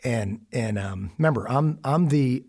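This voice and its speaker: Man, gravelly voice, mid pitch, animated storyteller, conversational. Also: measured pace. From Kansas City, USA. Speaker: podcast guest.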